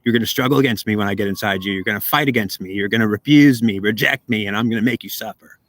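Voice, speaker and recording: A man's voice: lowish voice, fairly bright tone, no echo. A man voicing a domineering male devil who calls himself god of this world and demands to be acknowledged, threatening and insistent.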